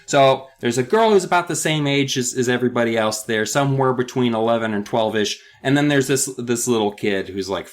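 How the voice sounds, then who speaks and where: A podcast co-host with a mid-range voice recaps a book at a brisk clip with few pauses, filling the casual chat with profane jokes and rambling asides. Faint music plays behind him.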